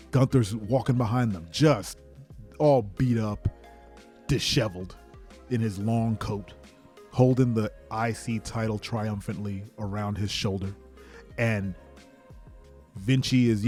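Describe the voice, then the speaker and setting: A man hosting a podcast, narrating an imagined match in excited play-by-play and shouting sound effects. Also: mid-range voice. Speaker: podcast host.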